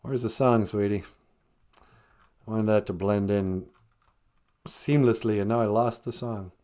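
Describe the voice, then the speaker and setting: A man's voice: on the low side, steady tone, a little slow, mellow. A man hosting a podcast, chatting casually and joking on a live stream. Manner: joking, easygoing banter. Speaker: podcast host.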